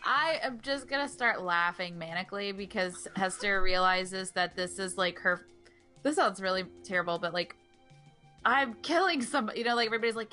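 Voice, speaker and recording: A woman's voice: mid-range voice, fairly quick, bright, forceful tone, soft background music. A woman playing a tabletop game, giggly and chatty. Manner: giggly, chatty, lots of likes. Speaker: player. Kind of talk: casual tabletop play.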